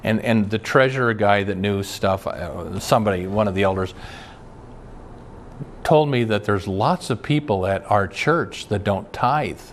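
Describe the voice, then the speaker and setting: Guy pastor giving a sermon, lowish voice, folksy, kinda rambly with jokes. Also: measured pace, slight background noise. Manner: folksy, tells jokes and stories, frequent restarts.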